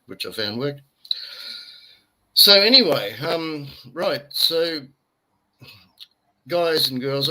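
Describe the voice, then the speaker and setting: A man's voice: lowish voice, vocal fry, sharp tone, low-quality recording. An Australian man rambling and joking as co-host of a casual live stream, tired after little sleep. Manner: rambling, jokey, chatty. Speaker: livestream co-host. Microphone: webcam.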